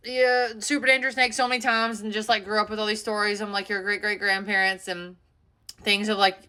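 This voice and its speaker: A woman tells a story for her vlog, her voice bright and a little high. She sounds shaken and a touch breathless. She talks in an animated, rambling way with plenty of fillers. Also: fairly quick, smooth. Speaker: storyteller vlogger. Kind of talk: casual storytime.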